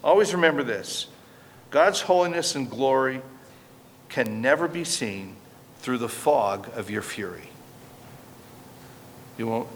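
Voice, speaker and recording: A pastor delivering a sermon, preaching earnestly and emphatically and asking the congregation rhetorical questions. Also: male voice, mid-range voice, lively intonation, a little slow, long pauses, slight background noise. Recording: long reverb, faint background ambience.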